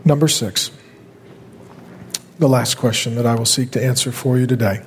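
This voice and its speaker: A man preaching a fervent sermon as a pastor, building from steady talk to loud, pleading shouts. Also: medium pitch, moderate pace, big-room sound, slight background noise.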